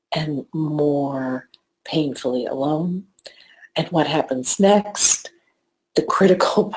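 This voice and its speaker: A middle-aged woman therapist teaching a trauma course, soft-spoken and often dropping to a whisper as she walks through a case. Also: deep voice, rough recording. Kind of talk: lecture with case example.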